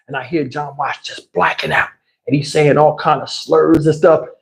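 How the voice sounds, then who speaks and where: A man hosting a livestream, telling a wild personal story in an excitable, conversational way. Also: on the high side, moderate pace, vocal fry. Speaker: channel host.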